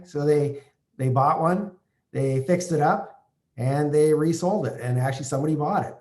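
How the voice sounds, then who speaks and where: A Canadian real estate investor tells a personal story to camera, haltingly, with lots of fillers and restarts. His male voice is on the high side and a little mellow.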